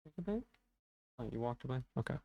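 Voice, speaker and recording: A man's voice: mid-range voice, expressive, quick pace, creaky, warm tone, dry recording, lo-fi sound. Stuttering man chatting on a live stream. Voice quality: stutters on some words. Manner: rambling, self-deprecating, talking to chat. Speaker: game streamer. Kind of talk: casual live-stream chat.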